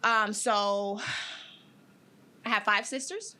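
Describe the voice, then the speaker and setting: Young woman talking openly in an interview, bright voice, lots of ums and pauses, gets emotional. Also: mid-range voice, steady tone. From Detroit, USA. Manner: emotional, candid, halting with fillers. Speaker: guest. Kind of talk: personal interview.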